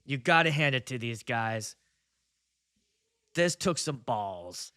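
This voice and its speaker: Man in his 30s, wedding DJ, bright lively voice, blunt and swears freely. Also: medium pitch, slow, long pauses, clean tone. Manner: animated, blunt, profane. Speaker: wedding DJ and video host. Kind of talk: casual monologue.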